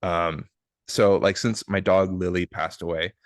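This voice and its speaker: A man's voice: sits low, steady tone, measured pace, no room sound, clean studio sound. A man hosting a podcast, chatting casually in an upbeat, joking and rambling way over a video call. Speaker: podcast host. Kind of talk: casual chat.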